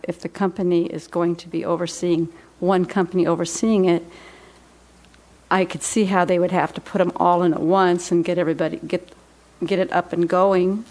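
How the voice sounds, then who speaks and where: Hesitant woman with a lowish voice. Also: darkish tone. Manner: hesitant, halting, many restarts. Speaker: advisory board member. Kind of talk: comments at a public meeting.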